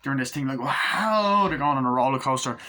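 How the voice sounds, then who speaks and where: A man giving an excitable, casual movie recap, swearing a lot and acting out scenes as he goes. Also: medium pitch, brisk. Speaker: movie reviewer.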